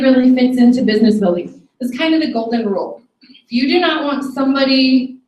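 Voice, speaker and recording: A woman leads a training session for her sales team, firm and a little scolding as she keeps checking with the room. Her voice sits fairly high. It is picked up from a distance, with the echo of a roomy meeting hall. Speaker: sales team leader giving a training talk. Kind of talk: motivational training talk to a live room. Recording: echoey room, recorded from afar.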